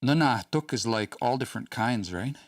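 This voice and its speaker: A man hosting a casual live-streamed language study session, relaxed, laughing often and slowing down to sound out words. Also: mid-range voice, dry recording, clean studio sound, distant mic.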